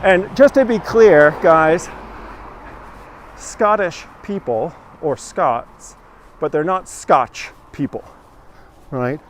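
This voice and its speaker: A man with a fairly high voice leads a live walking tour, joking loosely and replying to comments as he walks. He's outside on a village street with faint traffic humming in the background. His delivery is animated and slow, with frequent pauses.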